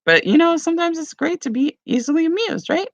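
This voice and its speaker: A woman's voice: extremely high pitch, expressive, a little fast, no room sound. A woman rambling casually at home for her morning vlog, with lots of "like" and "you know.". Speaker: vlogger. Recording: dull lo-fi sound.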